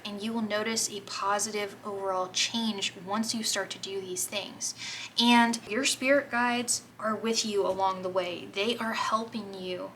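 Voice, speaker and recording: A woman giving a gentle, encouraging tarot reading to her viewers, gushing over the cards as she turns them. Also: mid-range voice, slight background noise, poor audio. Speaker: tarot reader.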